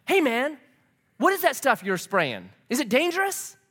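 A man's voice: wildly swooping pitch, moderate pace, pushed and bright, heavily acted. A man doing a jittery young guy full of questions. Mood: alarmed. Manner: high, anxious questioning. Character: young male roommate, nervous, full of questions.

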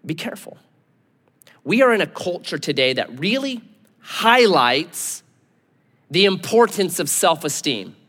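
Animated preacher man in a reverberant hall. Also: sits high. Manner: animated, acts out biblical figures in quick asides. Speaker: pastor. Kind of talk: sermon.

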